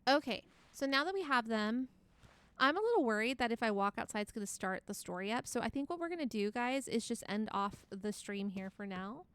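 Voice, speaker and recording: A woman's voice: a little high, lively intonation, brisk, clear, resonant tone, dry recording. Bubbly young woman streamer reading chat. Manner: bubbly, reads chat aloud, laughs often. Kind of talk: casual live game stream chat.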